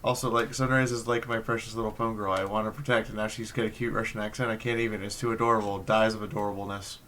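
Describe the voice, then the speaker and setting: A man hosting a casual group chat on a stream, excitable and given to swearing and loud outbursts. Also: fairly low pitch, quick pace. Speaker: host. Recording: faint background noise.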